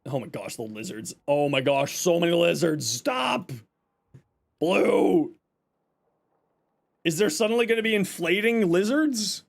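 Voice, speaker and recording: A man's voice: on the high side, moderate pace, creaky. A man from Canada live-streaming, chatting with viewers and reacting with joking exasperation. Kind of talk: casual live-stream chat.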